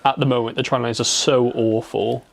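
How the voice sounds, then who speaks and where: A man's voice: medium pitch, flat delivery, brisk, gravelly. A young man co-hosting a podcast, chatting in an easygoing, teasing way. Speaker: podcast co-host. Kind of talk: casual chat.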